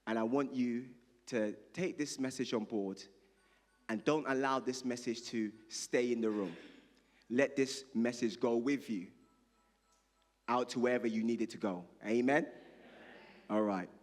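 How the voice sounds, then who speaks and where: A man's voice: mid-range voice, measured pace, pauses often, darkish tone. A male pastor preaching a sermon, leading the congregation in call and response and reading scripture aloud. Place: church hall. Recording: reverberant church hall.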